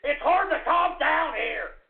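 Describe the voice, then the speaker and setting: High-pitched ranting male radio host. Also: animated, a little slow, vocal fry. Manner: explosive, swearing, exasperated rants. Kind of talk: ranting internet radio talk. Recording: tinny phone-line radio audio.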